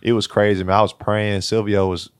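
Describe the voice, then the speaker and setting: A young man with a very low voice tells a story as a podcast guest. He is animated, laughs often and acts out the lines of others. The sound is dry and close to the mic. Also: fairly quick, smooth, no room sound. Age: 20s. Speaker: guest, college basketball player. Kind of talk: casual storytelling interview.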